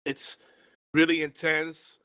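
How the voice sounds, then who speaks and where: A man talking casually as a guest on a round-table gaming show while eating, his talk rambling and relaxed. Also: fairly high pitch, slow pace, clear, resonant tone. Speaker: guest panelist.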